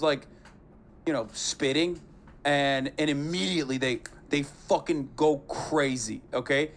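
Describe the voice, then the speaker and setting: A man with a high-pitched voice talks fast and loose on a live stream. He swears freely and keeps things animated as he reacts to clips. His delivery is casual and mocking. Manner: profane, animated, mocks voices.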